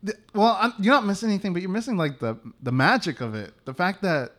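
A man with a somewhat high voice co-hosting a casual film podcast. He makes his points earnestly and stresses them. He swears now and then in relaxed conversation. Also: fast. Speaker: podcast co-host.

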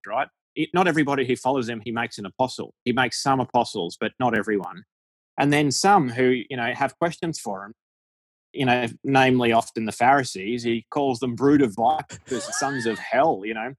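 A man with an Australian accent appears as a deacon guest on a podcast, chatting frankly and jokingly and laughing often. His mid-range voice is husky, at normal speed, in a dry recording.

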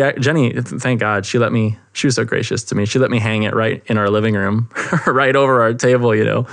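A man's voice: mid-range voice, dry recording, clean studio sound. A young man hosting a faith podcast, telling a personal testimony in an earnest, enthusiastic way, with many fillers and restarts. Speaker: podcast host.

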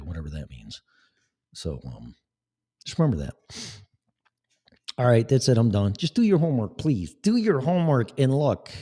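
A man's voice: on the low side, warm tone. Blunt sarcastic man hosting a live show. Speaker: podcast host. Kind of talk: casual live-show monologue.

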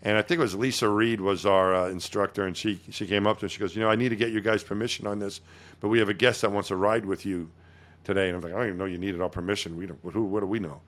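A man's voice: lowish voice, fairly even intonation, fast talker, a bit bright. Rambling middle-aged man telling stories. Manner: rambling storyteller with many restarts. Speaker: podcast co-host. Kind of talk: casual chat.

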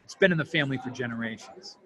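A man's voice: mid-range voice, very fast, pushed and bright. Earnest man telling heartfelt stories. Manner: earnest, heartfelt, moved to emotion. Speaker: family addiction program counselor. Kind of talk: interview storytelling.

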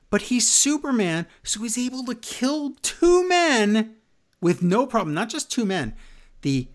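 A man co-hosts a casual podcast, recapping a wrestling show with sarcastic asides. His pitch swings widely as he jumps from outrage to praise. The delivery is quick and animated. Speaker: podcast co-host.

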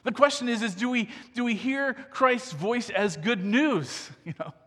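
High-voiced male pastor, echoing hall. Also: measured pace, pushed and bright, breathy edge. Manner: conversational preaching with frequent "right?" asides. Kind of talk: sermon.

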